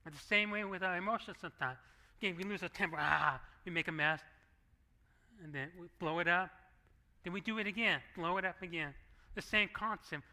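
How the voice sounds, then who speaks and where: A man's voice: high-pitched, brisk, bright, forceful tone. A middle-aged man preaching a sermon as pastor, talking conversationally and slipping into acted asides, on a handheld microphone in a church. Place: church sanctuary.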